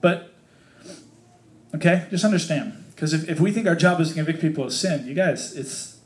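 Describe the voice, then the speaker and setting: A man's voice: on the high side, expressive, moderate pace. A man leading a casual Bible study for a small group, reading scripture aloud and explaining it in a chatty, joking way with many fillers.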